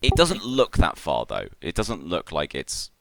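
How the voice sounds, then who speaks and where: A man narrating a tabletop role-playing game as game master, describing scenes at a relaxed pace with frequent ums. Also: sits low, a little slow, creaky, no echo.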